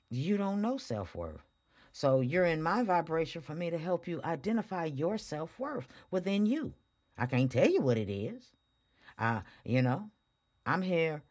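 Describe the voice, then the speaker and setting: A woman's voice: low voice, a little mellow. A woman hosting a spiritual podcast, talking casually and preachily into a microphone, asking rhetorical questions and chuckling often. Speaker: podcast host. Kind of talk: spiritual motivational talk. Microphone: studio microphone.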